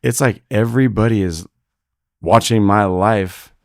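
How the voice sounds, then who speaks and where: A man's voice: fairly low pitch, unhurried, creaky, darkish tone, no room sound, studio quality. A man who is a rodeo roper and father, a podcast guest telling blunt, profane stories full of quoted dialogue in a casual interview.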